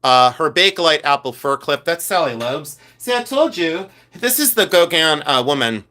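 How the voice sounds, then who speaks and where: A man's voice: a little high, normal speed. A man hosting a live stream, chatting casually and campily about his jewelry collection and answering viewers' comments. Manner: chatty, campy, animated, talks to viewers' comments. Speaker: podcast host and jewelry collector.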